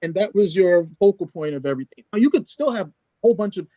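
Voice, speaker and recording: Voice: medium pitch, animated, fast, mellow, no room sound. An opinionated co-host lays out emphatic arguments in a casual review conversation. The recording is dry and a little dull, with no room sound. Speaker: podcast co-host.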